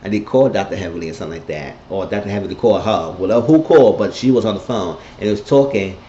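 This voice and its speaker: A man recapping a TV episode in a casual monologue, blunt and profane, telling it with animated energy. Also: lowish voice, quick pace, slight background noise. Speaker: TV episode reviewer. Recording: echoey, dull lo-fi room sound.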